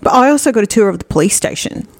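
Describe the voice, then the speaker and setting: Sweary woman, lively pitch. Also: very fast. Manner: crude, sweary storytelling banter. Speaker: podcast co-host. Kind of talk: casual chat.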